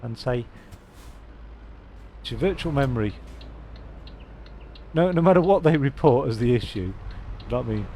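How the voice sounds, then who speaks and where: A man's voice: medium pitch, lively intonation, fast, few pauses, mellow, a little hiss or hum. A man rambling casually as he streams a truck-driving game, with self-mocking asides. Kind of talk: casual live-stream commentary.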